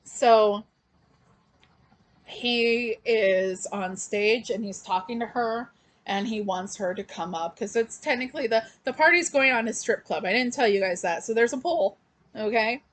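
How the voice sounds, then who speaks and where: Woman comic reviewer, loose and chatty, drawn-out delivery, plenty of "um" and "like". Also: fairly high pitch. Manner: chatty and loose, with many fillers and restarts. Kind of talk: casual comic recap.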